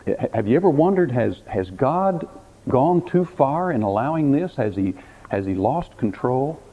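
Pastor preaching with dramatic questions. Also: male voice, medium pitch, sing-song, measured pace, husky. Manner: dramatic storytelling, repeats words, asks the listeners questions. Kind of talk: sermon. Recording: tinny phone-like recording, faint hiss.

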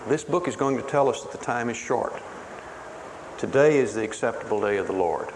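A man preaching a sermon in a dramatic, emphatic way, swinging between booming declarations and hushed pleas. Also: lively intonation, fairly quick. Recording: reverberant hall with faint ambient noise.

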